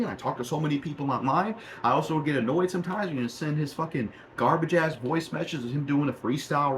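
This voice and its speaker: A man's voice: a little high, a little hiss or hum, poor audio. A young man in a heated, profane rant to the camera, recorded on a cheap mic in a small room at home. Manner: profane, heated, repetitive ranting. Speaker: YouTuber.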